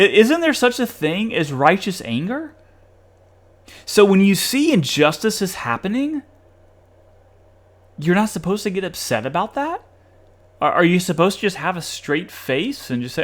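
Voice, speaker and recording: A man hosting a podcast, reading passages aloud and commenting in an animated, sarcastic way with occasional laughs. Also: high voice, measured pace. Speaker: podcast host reviewing a study article.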